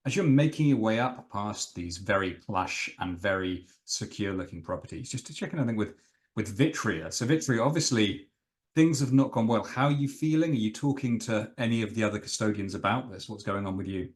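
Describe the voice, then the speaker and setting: Sex: man. Role: game master. Style: tabletop narration. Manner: animated, relishing. Pitch: low. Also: moderate pace.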